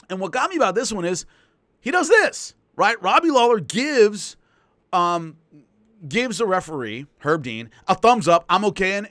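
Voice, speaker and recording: Frequently restarting, a male combat sports analyst recounts fights in a lively, emphatic commentary style. His voice sits a little high, and there's no echo.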